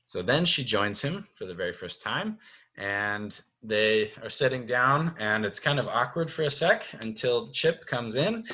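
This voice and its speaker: A male theater director explains stage movements in a relaxed, chatty way, often checking in with his students. His voice has a bright, forward tone at a medium pitch. He sounds reassuring and talks off the cuff. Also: measured pace. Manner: chatty, reassuring, frequent "right?" and "okay?". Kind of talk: casual instructional video.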